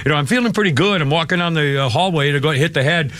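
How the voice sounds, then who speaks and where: A man's voice: on the high side, fast, a bit bright, dry recording. A man in his seventies hosting a live radio talk show, rambling with restarts and chuckles. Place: radio studio. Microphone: studio microphone.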